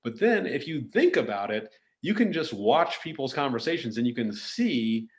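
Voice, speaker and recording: A man's voice: mid-range voice, very animated, moderate pace. A man hosting a podcast who talks in a loose, casual way and often circles back to restart his sentences. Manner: loose and rambling, with many restarts. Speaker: podcast host. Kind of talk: casual conversational chat.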